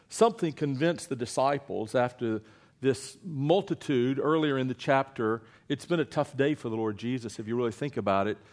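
A man, a preacher giving a sermon and coaxing his congregation to read scripture aloud with him. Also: medium pitch. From Eastern North Carolina. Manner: playful, coaxing the congregation, then hushed and earnest. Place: church before a congregation.

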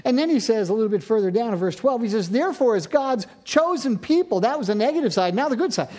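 A man's voice: very high-pitched, animated, quick pace. Middle-aged guy preaching, jokes on himself, voice jumps all over when he gets fired up. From central Pennsylvania. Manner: self-mocking, jokey asides, gets passionate and louder. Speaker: pastor. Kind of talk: sermon.

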